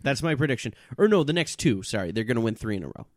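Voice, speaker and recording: Lively male podcast co-host. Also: mid-range voice, quick pace, dry recording, studio quality. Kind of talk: casual chat.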